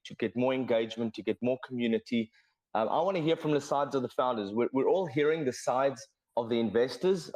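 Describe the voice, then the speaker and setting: A man's voice: mid-range voice, a little mellow, low-quality recording. Hesitant man asking a rambling question. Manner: rambling, hesitant, many uhs and restarts. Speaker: participant asking founders a question. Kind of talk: casual chat.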